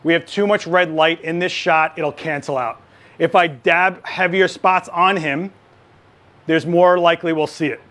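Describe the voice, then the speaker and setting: A man running a live photography lighting demo, chatty and joking, with quick asides. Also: a little high, fairly even intonation, a bit bright. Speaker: photography instructor.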